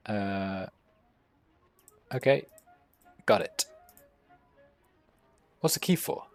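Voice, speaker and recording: A man casually playing and commenting on a game, reading the dialogue aloud with puzzled, dry asides. His voice sits mid-pitch over faint music. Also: lively intonation, normal speed, pauses often. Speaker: streamer.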